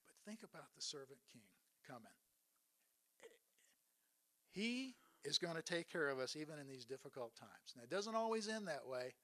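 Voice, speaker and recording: A man's voice: medium pitch, sharp tone. A man preaching a sermon, retelling Bible stories in an earnest way and asking his listeners rhetorical questions.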